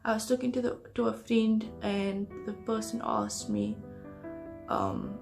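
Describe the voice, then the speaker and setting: A woman's voice: mid-range voice, big pitch swings, unhurried, vocal fry, a little mellow, faint music behind. A young woman talking to camera in a personal storytime vlog, hesitant and earnest. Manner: hesitant, earnest confessional talk. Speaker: vlogger.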